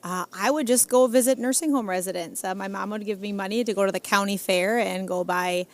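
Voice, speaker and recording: A woman in her forties, a senior care executive, speaking in a casual interview in a measured, steady way. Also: mid-range voice.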